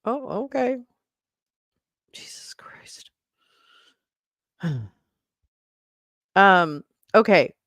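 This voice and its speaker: Slow, lively-voiced woman hosting a livestream. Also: mid-range voice, dry recording, studio quality. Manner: scattered, swearing and laughing as she fumbles. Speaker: livestream host. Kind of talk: casual livestream chat.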